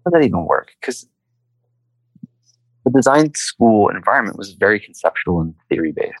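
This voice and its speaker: This man, an entrepreneur and interview guest, talks through his story in a lively, conversational way, giving voice to those he quotes. His voice is lowish and his speed normal. The audio is poor, with no echo.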